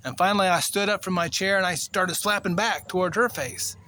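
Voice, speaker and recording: Older guy from cuba rambling thru a story, kinda high-ish voice, lots of uh and you know. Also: brisk, sharp tone, a little hiss or hum. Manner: rambling, plainspoken, many fillers. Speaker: vlogger. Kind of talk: personal storytelling.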